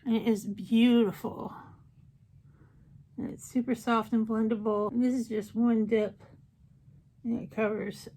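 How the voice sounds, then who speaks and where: Slow-talking, gushing woman makeup vlogger. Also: a little high, little pitch movement, warm tone. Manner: chatty, gushing, jokey asides. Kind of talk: casual makeup tutorial with swatches.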